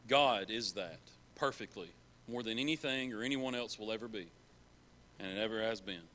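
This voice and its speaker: Bright-voiced man preaching earnestly. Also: fairly low pitch, moderate pace. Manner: earnest, repeats key phrases for emphasis. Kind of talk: sermon. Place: church.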